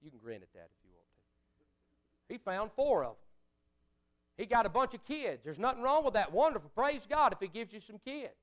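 A man preaching a sermon, folksy and conversational, swinging from fiery outbursts to quiet asides. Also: extremely high pitch, big pitch swings, fairly quick.

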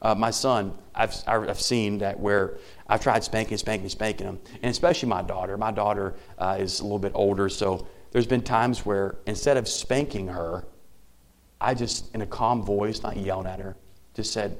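A man in his thirties preaching a sermon, swinging between loud, emphatic lines and soft, near-whispered ones. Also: lowish voice, steady tone, normal speed. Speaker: pastor.

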